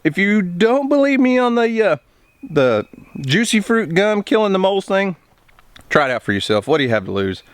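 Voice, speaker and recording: A man's voice: high voice, moderate pace, no echo. A man hosting a homestead vlog in a greenhouse, chatting eagerly and talking with food in his mouth. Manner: excited, chatty, eating while talking. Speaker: homesteading channel host. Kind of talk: casual vlog talk to camera.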